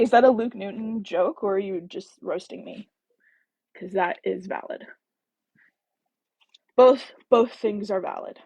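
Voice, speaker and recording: Chatty woman host, husky fry-edged voice, live-stream book reading, dry close mic. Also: medium pitch, warm tone, dry recording. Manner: chatty, self-deprecating asides. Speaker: podcast co-host. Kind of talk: casual chat and reading a novel aloud on a live stream.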